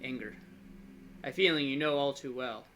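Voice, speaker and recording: A man's voice: mid-range voice, moderate pace, background noise. A man reading a story game aloud, dropping jokey asides. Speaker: gamer narrating a game. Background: game music.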